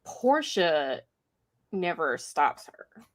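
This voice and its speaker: A woman co-hosting a casual reality TV recap, opinionated and drawn-out in her storytelling. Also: on the low side, big pitch swings. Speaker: podcast co-host.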